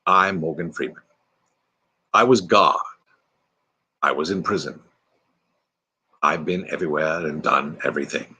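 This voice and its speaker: Man impersonating a grave elderly narrator, low rumbling voice, slow and deliberate, husky. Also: pushed and bright, exaggerated voice. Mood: solemn.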